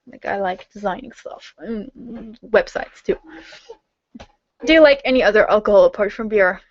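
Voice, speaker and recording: A woman's voice: mid-range voice, moderate pace, dry recording, dull audio. A young German woman answering viewer questions in a casual online hangout, rambling with lots of fillers as she reads questions aloud and answers them.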